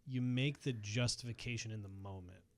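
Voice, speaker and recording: Laid-back man in his thirties, low voice. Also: normal speed, no echo. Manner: loose and self-mocking, laughs often. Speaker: podcast co-host. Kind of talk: casual podcast chat.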